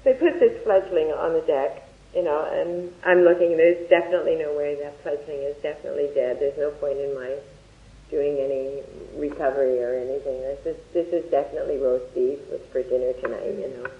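A Dharma teacher giving a talk in a lively, anecdotal way and closing with a guided meditation. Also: mid-range voice, a little fast. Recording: echoey, dull lo-fi room recording.

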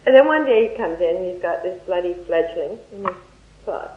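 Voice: medium pitch, a little fast. Dharma teacher in an echoey room. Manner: lively anecdotal storytelling. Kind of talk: Dharma talk with guided meditation. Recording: echoey, dull lo-fi room recording.

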